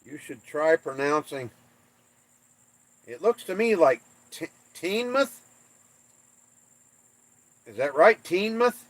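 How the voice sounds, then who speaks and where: Casual livestream host, a man from the States, unhurried and playful, dry close sound. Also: a little high, lively intonation, no room sound. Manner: slow, drawn-out, playful trash talk. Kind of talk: casual livestream chat reading comments.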